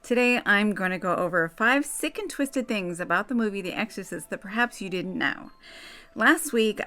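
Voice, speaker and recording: A woman's voice: mid-range voice, a bit bright. A woman hosting her own video channel, giving chatty and dramatic commentary with casual asides. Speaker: YouTube host. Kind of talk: casual scripted commentary to camera.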